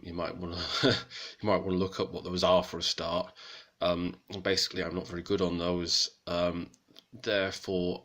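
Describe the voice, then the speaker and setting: Male presenter, deep and crisp-edged, casual teaching, hesitant and self-correcting. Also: bright, forceful tone. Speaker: hobbyist presenter of Old French texts. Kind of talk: casual spoken lesson.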